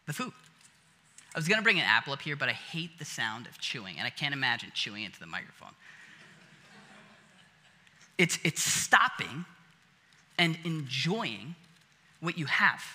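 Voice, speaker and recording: High, bright-voiced preacher in a reverberant hall. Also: male voice. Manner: conversational, many fillers, acts out little scenes. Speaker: pastor. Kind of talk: casual sermon. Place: church auditorium.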